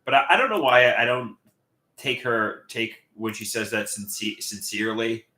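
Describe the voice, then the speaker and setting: A man live streaming and reading viewer comments aloud, talking in halting, repetitive bursts with many restarts. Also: medium pitch, sharp tone, roomy sound. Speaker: livestreamer.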